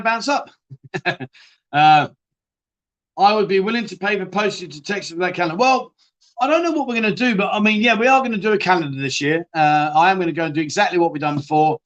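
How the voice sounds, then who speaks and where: A man's voice: high voice, brisk, a bit bright, lo-fi sound. A man hosting a live chat show, rambling and joking as he reads out viewer comments and calls people mate.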